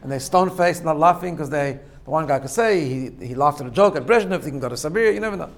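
A man's voice: a little high, fast talker. A man giving an informal religious talk, telling stories and often checking in with his listeners. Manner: storytelling, checks in with "right?", laughs at own jokes. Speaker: religious teacher. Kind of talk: informal sermon.

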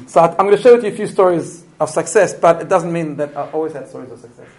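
Animated middle-aged man lecturing on parenting. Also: a little high, fast talker, low-quality recording. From immigrant to Australia. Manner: animated storytelling with restarts and rhetorical questions. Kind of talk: live parenting talk to an audience.

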